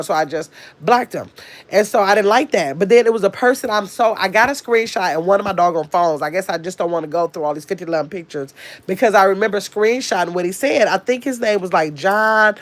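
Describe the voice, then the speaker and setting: Nasal-sounding woman rambling on her livestream, loose casual chat, middle pitch. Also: brisk. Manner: rambling, chatty storytelling with restarts. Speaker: live streamer.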